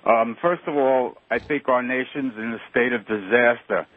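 A man calling a radio show, anxious and halting in his speech. His voice is husky, dry and squeezed through a tinny phone line. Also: medium pitch, no echo. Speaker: caller. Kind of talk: phone-in call. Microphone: telephone.

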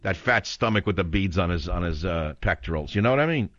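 Older man, talk radio host, rambling and exasperated, lively swooping pitch, dry and slightly dull studio sound. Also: quick pace, no echo.

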